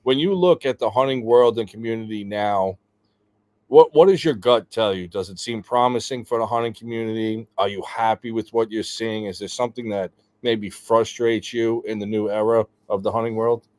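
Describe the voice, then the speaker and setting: Low-voiced man hosting, dry close sound. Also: moderate pace, a little mellow, no room sound. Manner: eager, stacks several questions. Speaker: podcast host. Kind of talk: interview questions.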